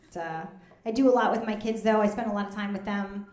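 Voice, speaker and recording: A woman, doing a deadpan, conversational stand-up comedy set on stage at a live fundraiser show. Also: mid-range voice, fast. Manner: deadpan, conversational, drops into asides. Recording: echoey room with loud audience noise.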